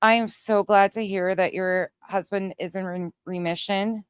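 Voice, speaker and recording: A woman's voice: mid-range voice, fairly even intonation, normal speed, smooth, no echo, clean studio sound. A woman hosting a livestream, chatting casually and thanking viewers by name. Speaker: channel host.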